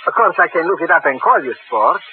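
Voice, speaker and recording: A sly, chummy curio dealer in a 1950s radio drama, folksy and evasive. His voice is on the high side and bounces all over, heard through a thin radio line with a faint hiss. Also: very animated, fast talker. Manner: folksy, evasive, calls people kiddo. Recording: tinny old radio broadcast with faint hiss.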